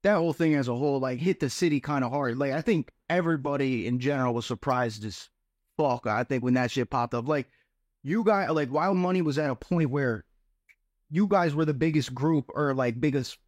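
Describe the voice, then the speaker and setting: A man's voice: mid-range voice, brisk, no room sound, studio quality. A man hosting a casual interview in a laid-back way, asking clarifying questions and offering short affirmations. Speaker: interview host. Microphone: studio microphone.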